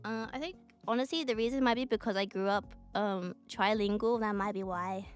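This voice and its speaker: A young woman streamer with a neutral British accent chats and rambles casually while drawing, frequently giggling and swearing offhandedly. Her voice is medium-pitched and brisk, with soft music playing in the background.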